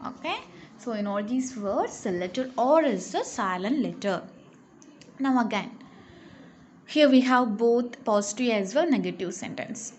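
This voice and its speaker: A woman teacher, slowly reading word lists and example questions in a lesson. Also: on the high side, expressive, slight background noise. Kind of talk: recorded online English lesson.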